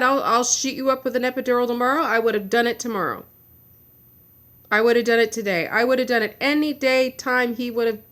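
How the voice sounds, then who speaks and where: Frustrated woman vlogger, blunt and venting, slightly high voice. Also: fairly bright tone. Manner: blunt, swears. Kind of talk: personal video update.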